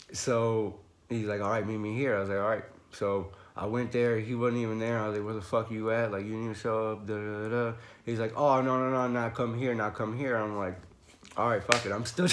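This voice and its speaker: A young man telling a long story on a casual livestream. He rambles, swears a lot and fills every pause with "you know," laughing and raising his voice as he relives a fight. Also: on the low side, a little hiss or hum. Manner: rambling, profane, full of fillers like "you know"; laughs often and gets loud when reliving a fight. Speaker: livestream host.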